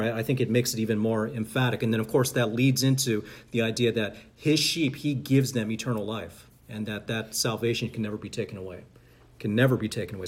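Man leading Bible study, mid pitch, reads verses, stop-start explaining. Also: slightly rough. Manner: reads scripture aloud, halting with many fillers and restarts.

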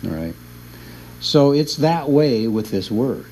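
A man's voice: medium pitch, very animated, slow pace, dark tone, a little hiss or hum, low-quality recording. A man teaching a Bible class in an easygoing lecture, often chuckling as he explains.

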